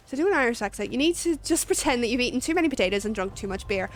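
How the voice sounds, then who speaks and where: A woman streamer chats casually while playing a game, rambling and self-deprecating. Her voice sits a little high, and faint music plays underneath. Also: animated, racing, few pauses.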